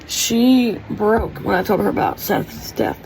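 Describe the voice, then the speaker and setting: A woman's voice: mid-range voice, sing-song, a little slow, vocal fry, a little mellow, slight background noise, low-quality recording. A woman talking in a heartfelt, tearful personal vlog, rambling with many fillers as she speaks from her kitchen. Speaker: vlogger. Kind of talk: emotional personal vlog monologue. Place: home kitchen.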